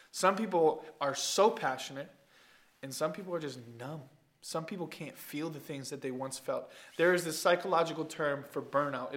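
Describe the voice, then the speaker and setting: A male pastor giving an emphatic sermon, dropping low for quiet points and rising into loud calls to the congregation. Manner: emphatic preaching, swings from soft asides to loud calls; talks straight to the congregation.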